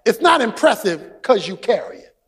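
A man preaching a sermon as pastor, shouting for emphasis and telling stories with asides. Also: high-pitched, big pitch swings, moderate pace, breathy edge. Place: church sanctuary. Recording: long hall reverb.

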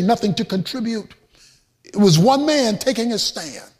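A man preaching a sermon, shouting with emphasis in a sing-song cadence and adding humorous, folksy asides. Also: extremely high pitch, expressive, normal speed.

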